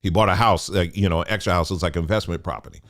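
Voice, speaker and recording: A man's voice: deep voice, fast talker, a bit bright. A man teaching in a loose, colloquial preaching style, repeating points for emphasis. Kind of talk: informal preaching.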